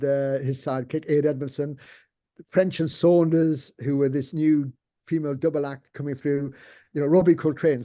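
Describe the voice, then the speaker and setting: Man, older, mellow warm tone, rambling interview chat, restarts. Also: fairly high pitch. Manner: rambling, many restarts and fillers. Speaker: interview guest, former TV executive producer.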